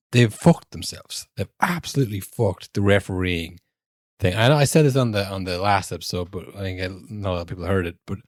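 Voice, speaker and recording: Low-voiced man ranting about football. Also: dry recording, studio quality. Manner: sweary, animated ranting with many restarts. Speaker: podcast co-host.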